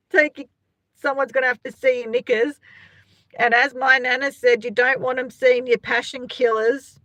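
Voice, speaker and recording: A woman's voice: fairly high pitch, a bit bright, dry recording. A middle-aged Australian woman chatting casually on a live stream, rambling and greeting viewers by name as she reads their comments. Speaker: livestream host.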